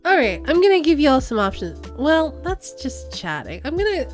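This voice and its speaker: High-voiced chatty woman streamer. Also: big pitch swings, moderate pace, faint music behind. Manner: chatty, giggly, meandering. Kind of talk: casual stream sign-off chat.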